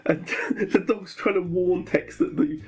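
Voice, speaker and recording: A man's voice: high voice, unhurried. A man co-hosting a podcast, recapping an episode with lots of laughter. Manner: giggly recap. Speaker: podcast co-host. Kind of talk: casual chat.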